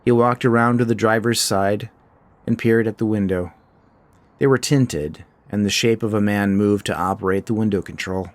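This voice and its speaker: A man narrating a short fiction story in a measured, scripted storytelling style. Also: fairly low pitch, steady tone, dry recording.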